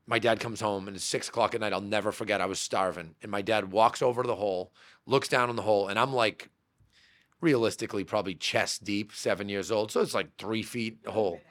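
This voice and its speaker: A man's voice: fairly low pitch, moderate pace, sharp tone. A man from Massachusetts, a podcast guest, telling rambling childhood stories in a casual interview, with many fillers and restarts. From Massachusetts, USA. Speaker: real estate brokerage owner, podcast guest.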